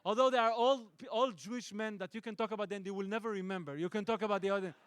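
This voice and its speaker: A middle-aged Israeli man, a native Hebrew speaker and film director, answering audience questions with playful, deadpan jokes and frequent restarts. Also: sits high, fast talker, smooth. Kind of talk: joking audience Q&A. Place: stage at a film festival event.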